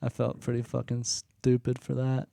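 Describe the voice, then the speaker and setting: A man's voice: medium pitch, completely flat delivery, moderate pace, vocal fry, dark tone, no room sound. Slangy young man, dry close sound. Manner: slangy and swearing, says "dude" and "like" a lot. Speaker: podcast co-host. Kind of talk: casual chat.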